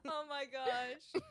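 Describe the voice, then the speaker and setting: A young woman chatting and joking on a live stream, playful and quick to laugh. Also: high voice, fairly bright tone, no echo, studio quality. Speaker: streamer and musician. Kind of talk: casual live-stream chat. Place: home streaming setup.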